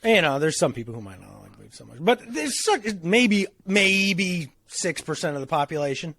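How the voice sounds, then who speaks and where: A man's voice: high-pitched, big pitch swings, moderate pace, fairly bright tone. A man co-hosting a podcast, rambling and joking in casual chat. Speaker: podcast co-host.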